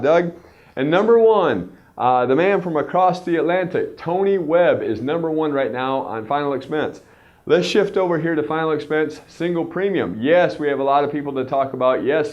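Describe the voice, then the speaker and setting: A man in the role of a company boss, reading out rankings in a chatty, playful way and punching up each name like an announcer. His voice sits in a middle pitch. The recording sounds a little dull and muffled. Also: darkish tone. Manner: chatty and jokey, hyping up names like an announcer. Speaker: company CEO. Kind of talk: weekly company video announcing sales rankings.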